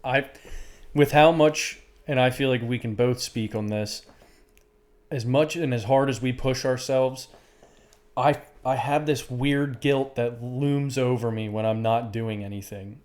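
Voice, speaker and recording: A young man co-hosting a casual podcast chat, his voice sitting at an ordinary middle pitch. He swears freely, calls his friend dude, and talks through his own self-doubt. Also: fairly even intonation, unhurried, darkish tone. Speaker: podcast co-host.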